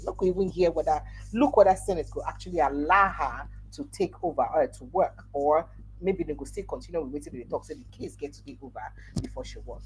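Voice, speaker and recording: A Nigerian woman hosting a livestream news roundup, reading headlines and commenting in a chatty Pidgin-mixed way. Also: low voice. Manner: chatty, animated, reads headlines then comments. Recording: noisy livestream audio.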